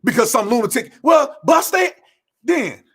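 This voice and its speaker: High, lively, bright-voiced ranting man. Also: measured pace, breathy edge. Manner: blunt, combative, repeats phrases for emphasis; slangy, informal speech. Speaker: political commentator. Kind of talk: heated political rant to camera.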